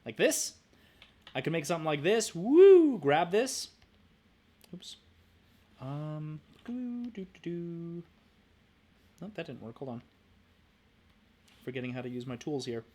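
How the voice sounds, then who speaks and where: Playful, lively-voiced male math teacher. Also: fairly high pitch. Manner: upbeat, playful, hums and says "boop" while working. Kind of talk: screen-recorded math lesson.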